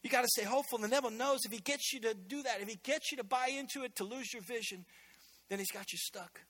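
A man preaching a sermon as pastor in a church, energetic and conversational, with joking asides. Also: very high voice, quick pace.

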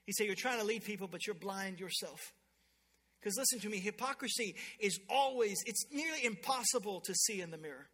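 Male pastor, very high and bright, emphatic storytelling sermon, long hall reverb. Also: expressive, a little fast, husky. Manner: storytelling preacher, builds to loud emphatic peaks.

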